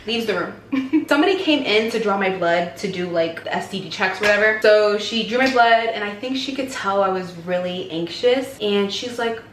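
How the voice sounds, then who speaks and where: A woman in her twenties telling a personal story in a casual vlog, animated and acting out the voices of people she quotes. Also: mid-range voice, moderate pace, a little hiss or hum. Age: 20s. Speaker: vlogger. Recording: echoey room with background music.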